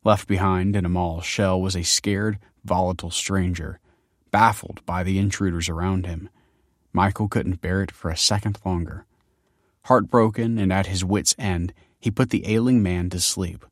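A male audiobook narrator with a very low, deep voice, reading in a measured, steady way. The sound is close and dry, with no room around it. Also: no echo. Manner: measured, even storytelling delivery. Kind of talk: scripted narration.

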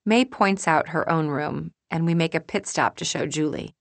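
A woman narrating a first-person audiobook in a calm, measured, introspective manner. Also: low-pitched, creaky, no echo.

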